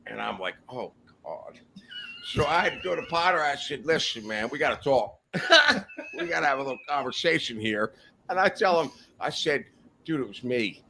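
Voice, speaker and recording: A man's voice: mid-range voice, wildly swooping pitch, normal speed, creaky, pushed and bright, a little hiss or hum. A man casually telling rambling, profane anecdotes on a podcast, laughing as he goes. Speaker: podcast guest telling stories. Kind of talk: casual storytelling chat.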